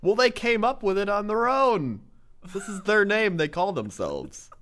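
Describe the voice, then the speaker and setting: Laid-back man with lively pitch. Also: measured pace. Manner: laid-back, chuckling, reads news bits. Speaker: podcast co-host. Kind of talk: casual comedic chat.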